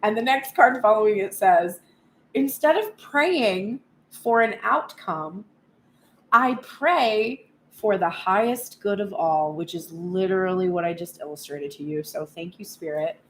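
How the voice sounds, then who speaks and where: A woman giving a casual spoken tarot reading, animated and blunt, swearing freely and acting out pleading voices. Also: medium pitch, measured pace, slight background noise. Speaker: tarot reader.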